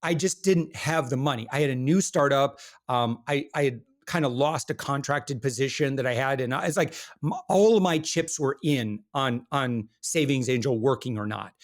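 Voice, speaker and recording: A man guest on a business podcast, talking in an earnest, animated way and telling stories with frequent restarts. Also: medium pitch, moderate pace, hardly any pauses. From Michigan, USA. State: briefly emotional while recalling hard times. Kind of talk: casual interview talk.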